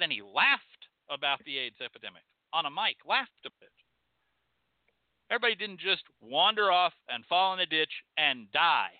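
A man's voice: fairly high pitch, very animated, moderate pace, dry recording. A man with a Southern US accent hosting a call-in show, delivering a fiery, profane, rhetorical monologue full of repeated phrases. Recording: tinny phone-like dry sound.

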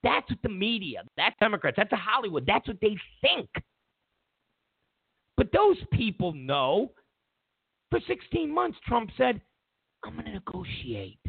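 A man's voice: high voice, very animated, a little slow, vocal fry, pauses often, breathy edge, no room sound. A man hosting a talk show, delivering a heated, mocking political monologue full of repeated phrases. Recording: tinny phone-like sound.

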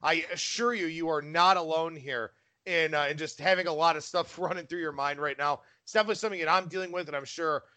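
A man hosting a sports betting radio podcast, talking casually and briskly with his guest. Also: a little high, sharp tone.

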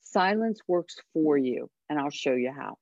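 Low-voiced woman on a dull dry line. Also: lively intonation, unhurried, a little mellow, no room sound. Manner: earnest, encouraging advice. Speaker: parenting coach guest. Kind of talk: radio interview over a call line.

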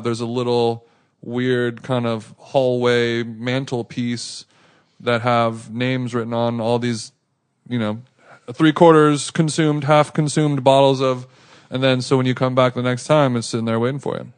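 A man's voice: medium pitch, normal speed, clear, resonant tone. A man co-hosting a podcast, telling a rambling anecdote in casual chat with lots of restarts. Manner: rambling, animated anecdote with acted quotes. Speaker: podcast co-host.

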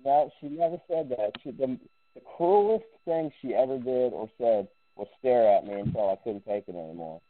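A man's voice: medium pitch, expressive, moderate pace, no echo. A man as a guest in a casual chat, easygoing and telling stories with small restarts. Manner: easygoing, storytelling, hesitant restarts. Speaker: guest, fitness pro. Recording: phone-line quality, dry.

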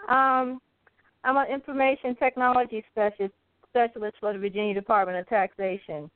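A woman calling in, introducing herself in a relaxed, thoughtful way. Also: fairly high pitch, brisk. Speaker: caller. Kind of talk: casual introduction on a call. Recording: tinny phone-line audio.

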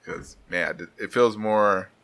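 A man's voice: lowish voice, slow. A man in his thirties hosting a podcast, chatting casually, swearing often and laughing as he tells stories. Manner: swearing, laughing, animated storyteller. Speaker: podcast host. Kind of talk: casual chat.

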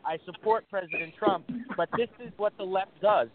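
A man's voice: high voice, normal speed. A man on a talk show call, speaking bluntly and with emphasis. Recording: noisy phone line.

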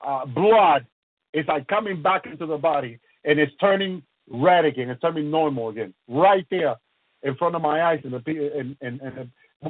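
A man's voice: fairly high pitch, no echo. A man minister giving a fervent preaching testimony, breaking off often to praise God, with frequent restarts. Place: lives in the United States. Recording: thin phone-line radio broadcast sound.

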